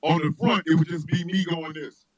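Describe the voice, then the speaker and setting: A man who is a comedian and radio host, joking loudly in animated casual chat, often shouting and laughing. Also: fairly high pitch, fairly quick, dry recording, poor audio.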